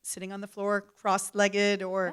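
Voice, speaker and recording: Relaxed middle-aged woman on a panel, smooth clear voice, playful little asides. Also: mid-range voice, measured pace. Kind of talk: casual panel talk.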